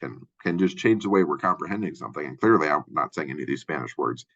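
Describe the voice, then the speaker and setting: A man from Minnesota with a Minnesotan accent and a deep voice, giving a casual college lecture full of fillers and restarts. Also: lively intonation, fast, a bit bright, husky, lo-fi sound. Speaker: college instructor. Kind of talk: lecture overview of a textbook chapter.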